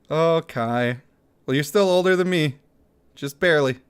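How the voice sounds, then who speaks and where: A man's voice: fairly high pitch, takes it slowly, smooth. A man in his thirties chatting casually on a livestream, reading out chat messages and laughing often. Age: 30s.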